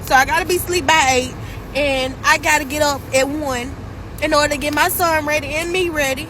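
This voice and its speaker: A single mother talks in a high voice, opening up in a tired, rambling vent to the camera. Loud traffic and street noise sit clearly behind her. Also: steady tone, brisk, rough recording. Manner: candid, weary, rambling.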